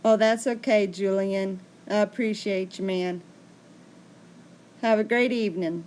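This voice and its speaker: A woman's voice: medium pitch, fairly even intonation, measured pace, darkish tone. A woman hosting a casual livestream, chatting and answering viewer comments. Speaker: livestream host.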